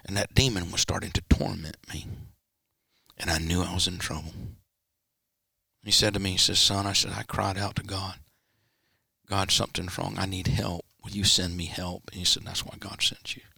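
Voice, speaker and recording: A man, a pastor, telling a personal story in an interview and acting out the quoted dialogue with sudden pitch jumps. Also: little pitch movement, normal speed, gravelly, bright, forceful tone, slightly rough, dry recording, clean studio sound. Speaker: pastor, guest. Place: church studio.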